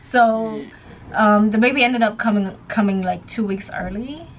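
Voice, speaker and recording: A young woman chats casually with her friend in a bedroom, speaking in a relaxed, soft-spoken way. She adds quiet corrections and asides to the story, with faint noise in the background. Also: fairly high pitch, unhurried, highs cut off. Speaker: guest friend. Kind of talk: casual chat.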